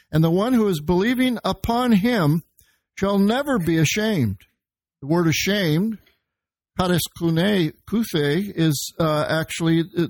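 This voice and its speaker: A man's voice: high-pitched, no room sound. A man preaching as pastor, teaching verse by verse and explaining the Greek words behind the scripture he quotes. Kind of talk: verse-by-verse sermon.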